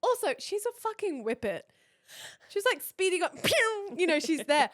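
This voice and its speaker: A woman in her thirties tells a family story on a podcast. Her voice sits high and swoops widely as she acts out the quotes, laughing along the way. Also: sing-song, moderate pace. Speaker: podcast co-host. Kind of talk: casual storytelling chat.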